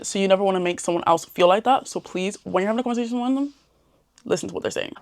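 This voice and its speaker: A woman's voice: fairly low pitch, dry recording. A young woman giving casual, chatty advice to camera in a slangy way. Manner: chatty and slangy, laughs often. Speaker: self-improvement vlogger.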